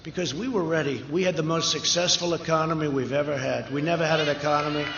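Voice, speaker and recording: Talking fast with fairly even intonation, a slightly high-voiced male politician rambles and boasts repetitively to a big outdoor crowd. The recording comes through an echoey, dull PA with cheering in the background.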